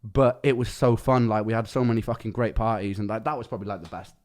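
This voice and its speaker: Fast-talking man telling a story. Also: on the low side, fairly even intonation, a little mellow. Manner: fast, chatty, swears freely, slangy. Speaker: streamer. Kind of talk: casual storytelling chat.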